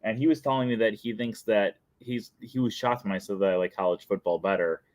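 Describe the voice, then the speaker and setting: A man's voice: fairly low pitch, a little fast, darkish tone, dry recording. A young adult man hosting a casual live stream, chatty and playful, often laughing at himself. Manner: playful and chatty, breaks into sung jingle and laughs. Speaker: host.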